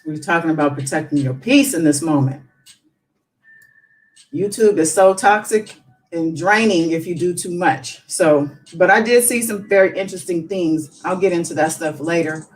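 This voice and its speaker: A woman's voice: fairly low pitch, normal speed, low-quality recording. A woman hosting a casual live stream, chatting and musing as she reads news aloud with her own asides.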